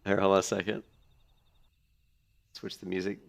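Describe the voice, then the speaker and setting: A man's voice: low voice, little pitch movement, normal speed, gravelly. A young man giving casual, rambling commentary while playing a video game. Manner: rambling, filler-heavy, restarts often. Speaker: gaming video host.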